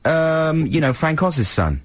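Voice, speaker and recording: A man's voice: a little high, sing-song, takes it slowly, dry recording. A British man co-hosting a comedy radio show from a studio, jokey and enthusiastic with the callers. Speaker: radio host.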